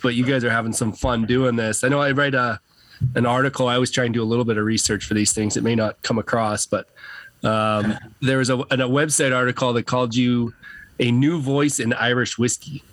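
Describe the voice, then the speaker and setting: A man's voice: mid-range voice, steady tone, brisk, fairly bright tone, dry recording. A male podcast host with a mid-range voice builds long, thoughtful questions that wind as he talks. The sound is close and dry. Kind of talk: casual podcast interview.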